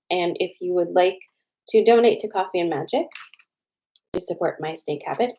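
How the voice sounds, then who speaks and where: With a low, warm voice, a young adult woman runs a casual livestream, saying hello to viewers by name and slowly repeating their selections before reading cards. The audio has its highs cut off.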